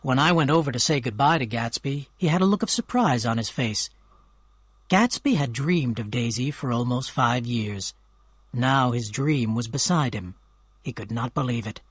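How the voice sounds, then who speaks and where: Man reading a story for learners, clear and measured, mid voice, dry close mic. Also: medium pitch, animated, no room sound. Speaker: narrator. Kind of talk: scripted storybook narration for learners.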